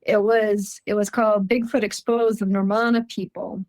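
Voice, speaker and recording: A woman's voice: medium pitch, flat delivery, moderate pace, darkish tone, no echo. Chatty, rambling woman from Minnesota. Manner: rambling, chatty, frequent ums and restarts. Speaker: guest describing encounters. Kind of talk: casual interview storytelling. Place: rural home.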